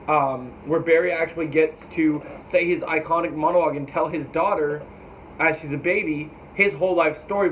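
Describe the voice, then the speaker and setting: Casual male reviewer with a higher voice, loose and foul-mouthed, tinny phone-like sound. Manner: rambling and profane, sometimes mimics characters. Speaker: TV show reviewer. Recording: tinny phone-like audio with faint noise.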